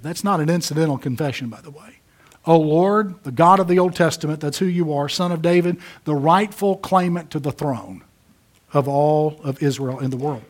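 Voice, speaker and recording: A man preaching a sermon, rising to emphatic peaks and dropping low. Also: lively intonation, moderate pace. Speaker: pastor.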